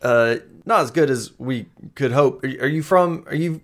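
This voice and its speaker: A man's voice: mid-range voice, moderate pace, pitched above the performer's own voice, natural voice. A man voicing a nervous rural woman forager who stammers and rambles in a folksy drawl.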